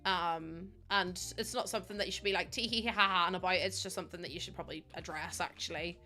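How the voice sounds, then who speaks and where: A woman's voice: on the low side, steady tone, fast talker, sharp tone, faint music behind. A young woman streaming a game from home, talking in a chatty, rambling way and laughing often. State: pregnant. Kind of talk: casual live-stream chat.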